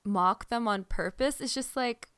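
A woman's voice: a little high, measured pace, a bit bright, clean tone. A young woman co-hosting a podcast in casual chat, laughing often. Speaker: podcast co-host.

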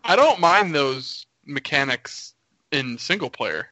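Brief: hoarse male podcast co-host, bright tense voice, dry close sound. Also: fairly high pitch, animated, slow, dry recording, poor audio. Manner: joking, needles the others. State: hoarse from yelling. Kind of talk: casual chat.

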